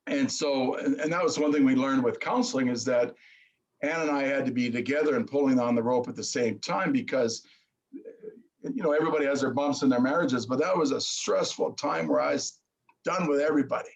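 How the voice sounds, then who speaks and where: A middle-aged man telling his story earnestly in casual chat, halting and restarting. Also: mid-range voice, low-quality recording. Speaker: guest.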